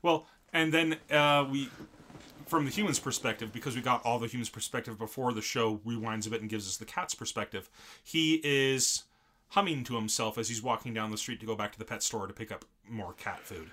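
A man's voice: mid-range voice, a little fast. A man co-hosting a casual chat, recapping an episode and putting on silly voices for the scenes. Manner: lively, uses silly voices when retelling scenes. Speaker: podcast co-host.

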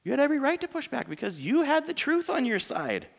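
A man's voice: very high voice, wildly swooping pitch, fast, creaky. A man in his thirties, a pastor preaching a sermon in church in a conversational, joking way, asking his congregation rhetorical questions.

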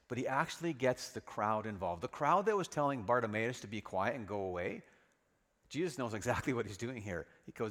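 Male pastor, animated sermon delivery, mid-pitched, long church-hall reverb. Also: moderate pace. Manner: lively, dramatic storytelling.

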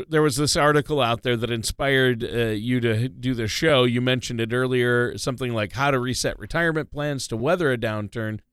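Male radio co-host, smooth and dry studio sound, easygoing banter. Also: medium pitch, a bit bright, no echo. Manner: jokey, easygoing, many fillers. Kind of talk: casual radio talk.

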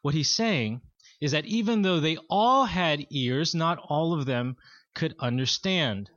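A man preaching a sermon as pastor, in a measured, earnest teaching manner. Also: on the high side, animated, fairly bright tone, dry recording, highs cut off.

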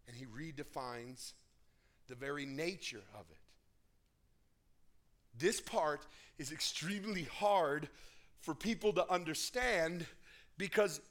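A man preaching a sermon, dramatic, dropping to near whispers and rising to shouts. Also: on the high side, slow pace, long pauses. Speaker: pastor.

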